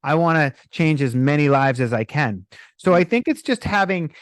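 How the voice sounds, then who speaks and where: A man's voice: fairly high pitch, normal speed, no room sound, clean studio sound. A middle-aged man, a breathwork coach in a podcast interview, telling stories and acting out the people in them. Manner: animated storytelling, acts out quoted people.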